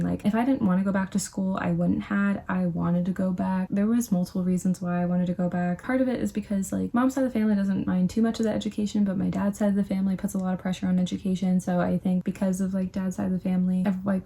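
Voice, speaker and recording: Young woman, vocal fry, mellow low tone, rambling casual vlog chat at home. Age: young adult. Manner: chatty, rambling, lots of "like". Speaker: vlogger.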